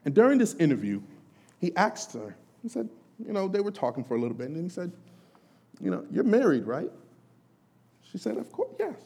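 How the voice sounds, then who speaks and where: Man, lay pastor, sermon, lively swinging pitch, mellow husky voice. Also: fast. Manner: animated preaching, acts out questions to Paul.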